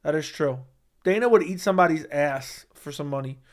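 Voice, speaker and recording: A man's voice: a little high, brisk. A young man hosting a livestream, reading chat and answering in a blunt, profane, dismissive way.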